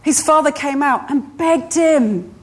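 Slow and deliberate from start to finish, this woman preaches in a high voice, pressing on every phrase and repeating lines to drive them home.

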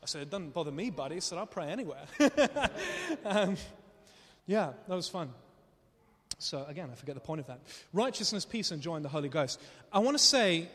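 A man preaching a sermon, telling stories in an animated way and laughing often as he speaks. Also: fairly high pitch, a little fast. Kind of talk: sermon with storytelling. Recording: long reverb of a hall.

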